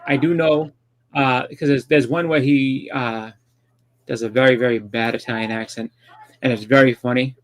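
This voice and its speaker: A man in a casual podcast chat, talking quickly and repeating words as he goes. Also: mid-range voice, fairly even intonation. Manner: rapid, repeats words as he talks.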